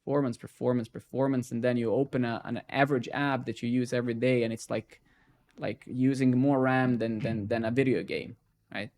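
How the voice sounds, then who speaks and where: A man's voice: medium pitch, fairly even intonation, moderate pace. Swearing man ranting while he codes. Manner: profane, ranting, keeps tagging "right?" and "man"; drops into quiet muttering while debugging. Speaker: live coding streamer. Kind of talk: casual live-stream rant while coding.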